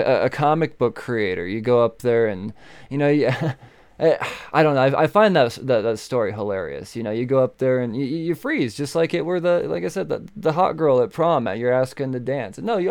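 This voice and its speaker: A man hosting a casual conversation, speaking haltingly with many restarts and fillers. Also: medium pitch, lively intonation, darkish tone, clean tone.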